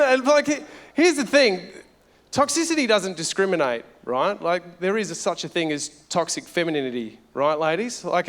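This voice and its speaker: A man's voice: a little high, fairly bright tone. Brash, sweary man doing stand-up. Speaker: stand-up comedian. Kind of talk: stand-up comedy set. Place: large theatre stage. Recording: live venue with long reverb.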